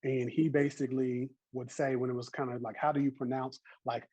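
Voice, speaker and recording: A man's voice: mid-range voice, dark tone, breathy edge, no echo, rough recording. A man in his thirties with a Southern US accent, teaching an online botany class in a chatty, encouraging way over a video call. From American South.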